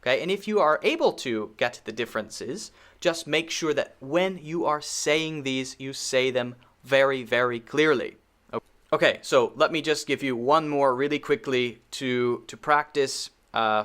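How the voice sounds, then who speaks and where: Slow, deliberate male pronunciation teacher. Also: medium pitch, fairly bright tone. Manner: slow, deliberate, repeats words for drill. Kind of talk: recorded pronunciation lesson.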